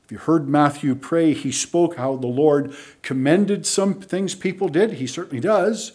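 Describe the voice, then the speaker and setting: A middle-aged man preaching a sermon, emphatic, moving between loud stresses and hushed asides. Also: on the high side, unhurried.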